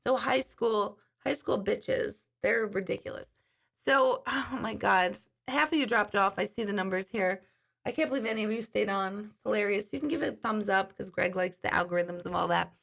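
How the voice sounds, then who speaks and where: A woman in her forties chats casually to her live-stream viewers. Her voice has a gravelly, creaky edge. She drifts between rambling stories and reading comments aloud. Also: medium pitch, moderate pace, a bit bright. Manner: chatty storytelling, reads viewer comments aloud. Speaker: intuitive hosting a live stream.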